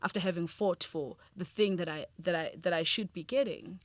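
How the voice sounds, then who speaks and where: A woman, a film-industry creative and interview guest, telling stories in an animated, expressive way. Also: lowish voice, brisk, no room sound. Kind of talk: casual interview.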